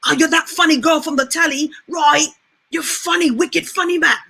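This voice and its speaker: A woman's voice: high voice, fairly even intonation, moderate pace, gravelly, pushed and bright, voice pushed up, heavily acted. A woman putting on a laid-back, slangy man with a London accent. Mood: chummy. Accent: London (imitated). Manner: breezy, chummy put-on voice.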